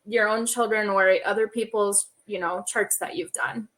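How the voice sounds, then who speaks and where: A chatty woman astrologer tells a story on a video call panel. She acts out quoted lines with a lively lift in her voice. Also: mid-range voice, moderate pace, rough recording.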